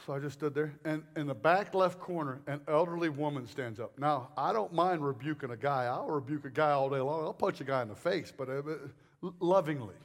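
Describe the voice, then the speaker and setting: A male preacher giving a sermon, telling stories in a rambling, animated way full of jokes and asides. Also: a little high, fairly quick.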